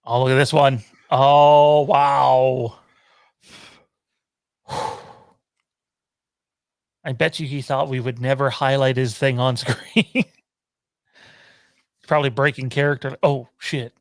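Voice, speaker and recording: A man's voice: medium pitch, steady tone, takes it slowly, pauses often, no echo, clean studio sound. A man co-hosting a casual streamed chat show, joking and laughing as he reads out the live chat. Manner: laid-back, jokey, often laughing. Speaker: podcast co-host.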